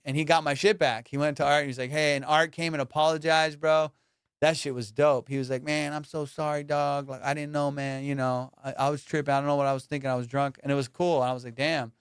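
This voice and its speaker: A male comedian hosting a podcast, telling high school stories in a slangy, animated way and acting out the people in them. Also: smooth, dry recording, studio quality. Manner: slangy, animated, acts out quoted voices. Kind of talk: casual storytelling.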